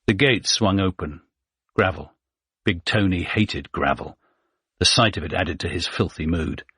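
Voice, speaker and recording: A man narrating a thriller audiobook in a measured, even storytelling manner. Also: low voice, slightly rough, no room sound, clean studio sound.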